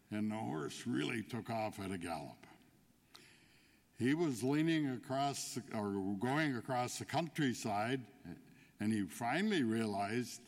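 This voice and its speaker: Male deacon, mid-pitched, preaching unhurriedly in a reverberant church. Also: lively intonation, creaky. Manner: storytelling, unhurried, builds to punchlines. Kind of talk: homily with a joke.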